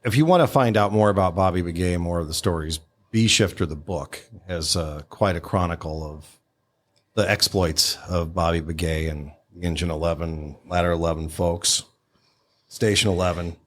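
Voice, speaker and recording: A man co-hosting a casual chat in a relaxed, easygoing way. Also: low voice, normal speed. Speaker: co-host.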